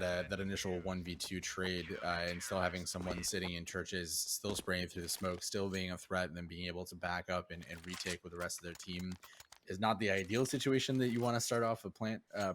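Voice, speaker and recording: A man giving live esports analysis as color commentator, measured and full of filler uhs. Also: deep voice, level tone, a bit bright, slight background noise.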